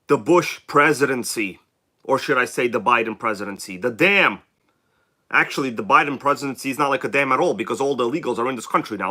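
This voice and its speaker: A man's voice: on the high side, bright, forceful tone. A chatty man hosting a live stream, greeting viewers by name while sounding sick and congested. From New York City. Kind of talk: casual live stream chat.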